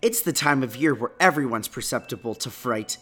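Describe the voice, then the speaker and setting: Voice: mid-range voice, fairly quick, breathy edge, faint music behind. A performer playing an unimpressed, bored human, speaking dryly and sarcastically in an audio drama. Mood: eager. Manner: dry, sarcastic and deadpan.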